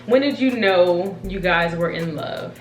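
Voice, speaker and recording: A woman answering viewer questions in a casual vlog chat, bubbly and quick to laugh. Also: fairly low pitch. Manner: bubbly, laughs often, gets teary. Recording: roomy sound from a distant mic with music behind.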